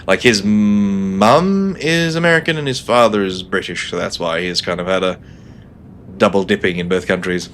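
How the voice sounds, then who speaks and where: Male game streamer, lower voice, sarcastic banter, quiet background hum. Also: moderate pace. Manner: joking, laughs often, sarcastic asides. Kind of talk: casual live-stream chat.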